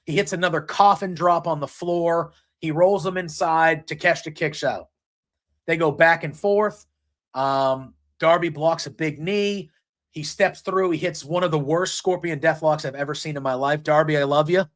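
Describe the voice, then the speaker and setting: A man's voice: a little high, normal speed, fairly bright tone. A man hosting a casual solo wrestling recap, retelling the action play by play with frequent ums. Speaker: wrestling show recap host.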